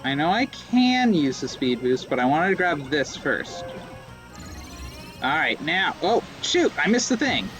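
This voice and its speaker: A man's voice: fairly high pitch, very animated, slow, a bit bright, faint music behind. A young man giving casual, rambling, self-mocking commentary while playing a racing game. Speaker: let's play streamer.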